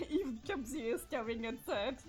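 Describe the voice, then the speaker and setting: A woman's voice: sits high, expressive, moderate pace, a little mellow, soft background music. A woman streamer casually reading a webcomic aloud, chatty, laughing often and swearing offhandedly. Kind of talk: casual livestream reading and commentary.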